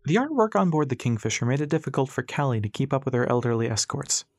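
A man's voice: medium pitch, big pitch swings, fast talker, dry recording. Man narrating an audiobook, dry sound.

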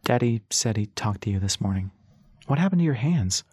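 A man's voice: fairly low pitch, lively intonation, brisk, a little mellow, breathy edge, no echo, clean studio sound. A man voicing an earnest, emotional young woman, raising his voice and pleading. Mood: worried, pleading.

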